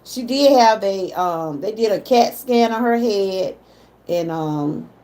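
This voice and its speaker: A middle-aged woman from Georgia with a Southern US accent hosts a livestream, chatting casually with viewers. Her voice is mid-range and a little mellow, and she grows emotional when talking about her mother.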